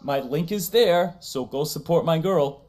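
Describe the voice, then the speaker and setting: Male stream host, talkative and loose, reading chat aloud, voice sitting a bit high. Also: animated, a little slow, darkish tone. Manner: chatty, laughs often, reads chat aloud. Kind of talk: casual livestream chat.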